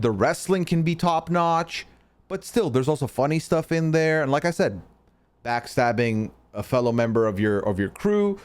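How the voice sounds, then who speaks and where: A young man from Canada, hosting a live stream in casual chat, answering his chat and teasing trolls with some swearing. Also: mid-range voice. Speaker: streamer host.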